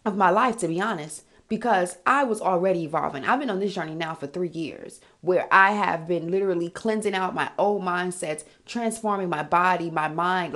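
Sassy, candid woman podcast host. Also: mid-range voice. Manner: candid, animated, sassy, addresses listeners as girl and honey. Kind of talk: casual motivational monologue.

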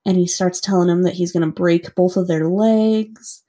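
A woman's voice: lowish voice, steady tone, moderate pace, mellow. A woman casually recounting a true-crime story to a co-host, chatty with lots of "like" and free swearing.

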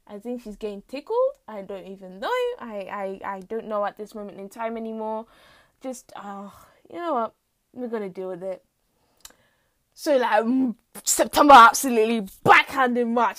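Young woman, solo podcast host, high lively voice, slangy. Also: unhurried. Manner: animated, slangy storytelling. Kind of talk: solo casual chat.

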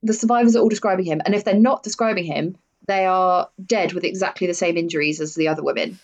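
A woman's voice: fairly low pitch, quick pace, darkish tone. A woman hosting a podcast, telling true-crime stories in a casual, blunt way and swearing freely. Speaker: podcast host. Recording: dull lo-fi audio.

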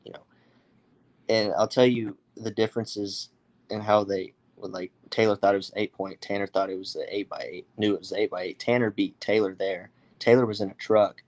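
A young man from the United States telling a story casually, animated, with many fillers and acted-out quotes. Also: lowish voice, moderate pace. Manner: animated, acts out others' voices, many fillers. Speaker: guest storyteller.

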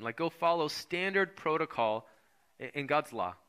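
A man preaching with a bright, fairly high voice. He talks in a conversational way and slips into the voices of the people in the story as he retells it. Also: expressive, normal speed, clear, resonant tone. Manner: conversational, acts out voices of the Bible figures. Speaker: pastor. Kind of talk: sermon.

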